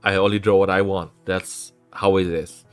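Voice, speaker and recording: A man's voice: sits low, level tone, normal speed, clean tone, dry recording, soft background music. A man with an Indonesian accent chatting casually on a stream, earnest and repeating phrases for emphasis, on a desk microphone.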